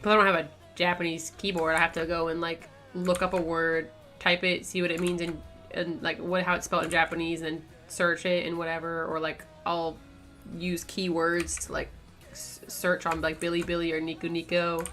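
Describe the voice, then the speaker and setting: Woman art streamer, casual rambler, bright tone, low-ish pitch. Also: little pitch movement, moderate pace, faint music behind. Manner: rambling, chatty, lots of likes and laughs. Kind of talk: casual chat while drawing on stream.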